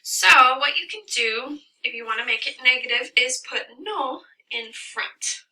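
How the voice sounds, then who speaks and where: A woman's voice: sits high, lively intonation, a little slow, few pauses, sharp tone, distant mic, low-quality recording. A woman teacher giving a recorded lesson, explaining patiently and stressing the key words. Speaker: Spanish teacher.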